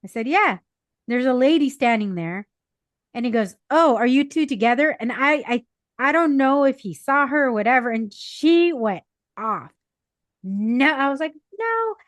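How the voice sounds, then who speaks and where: Animated high-voiced woman telling stories. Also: normal speed, no echo. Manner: animated, acts out quoted people. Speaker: podcast co-host. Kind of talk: casual chat, storytelling. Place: parents' house.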